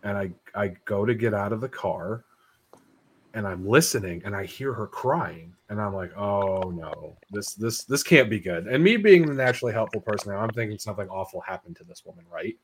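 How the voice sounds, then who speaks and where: Lowish-voiced young man telling ghost stories. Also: brisk, slightly rough, low-quality recording. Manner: profane, animated, swears freely. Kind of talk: casual podcast storytelling.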